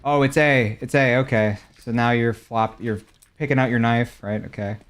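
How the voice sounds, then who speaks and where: A man's voice: medium pitch, fairly even intonation, normal speed. A young man streaming a game, chatting casually and answering viewers' questions about gear and ranks. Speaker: gaming streamer. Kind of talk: casual chat while showing game skins.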